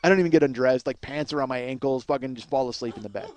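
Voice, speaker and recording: A comedian host telling a crude personal story in a rambling, profane way, often repeating and restarting himself. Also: male voice, mid-range voice, racing, darkish tone.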